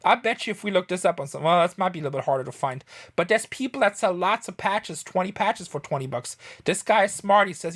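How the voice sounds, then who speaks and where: A man's voice: sits high, expressive, fast, a bit bright. A man from Southern California who hosts a reselling channel, talking in a chatty, rambling, wry way. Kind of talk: casual vlog chat.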